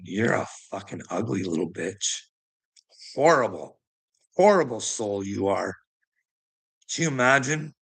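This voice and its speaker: A middle-aged man rants in a gravelly, tense voice, swearing freely and breaking into laughter. He taunts someone he calls "bud". His tone stays sharp and edgy. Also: medium pitch. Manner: taunting, addresses the listener as bud. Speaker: vlogger. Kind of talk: profane ranting monologue.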